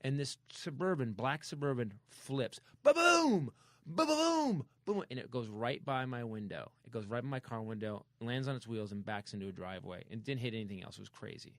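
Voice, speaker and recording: A man hosting a comedy podcast, telling a story in a casual, animated way and acting out sound effects. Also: medium pitch, a little fast, few pauses, no echo. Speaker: podcast host.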